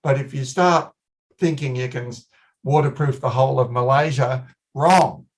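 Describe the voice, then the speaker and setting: A man's voice: mid-range voice, measured pace. A middle-aged man with an Australian accent giving an online technical presentation in a conversational way, repeating his key points for emphasis. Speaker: guest speaker, company managing director.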